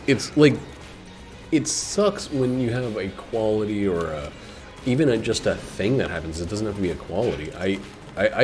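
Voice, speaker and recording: A low-pitched, slightly mellow male voice delivers loose, rambling gameplay commentary. The commentator curses freely and lets his thoughts drift off into fillers.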